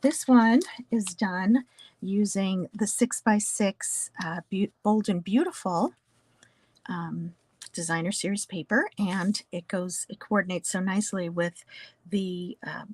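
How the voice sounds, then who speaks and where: Husky-voiced woman demonstrating card making. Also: medium pitch, slow pace, a little mellow, dry recording. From New Jersey. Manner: chatty, talks through each step with small asides. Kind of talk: casual craft tutorial.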